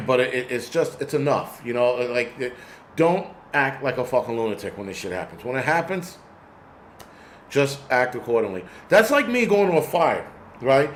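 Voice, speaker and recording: A man's voice: mid-range voice, big pitch swings, moderate pace, a little hiss or hum. A man hosting a casual vlog who rants angrily and bluntly, with plenty of profanity. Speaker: host.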